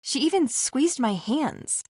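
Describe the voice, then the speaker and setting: A woman's voice: high-pitched, lively intonation, slow, a little mellow, no room sound, studio quality, pitched above the performer's own voice. A woman voicing a shy, anxious young woman with a lifted, girlish tone, in a storybook reading. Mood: lively.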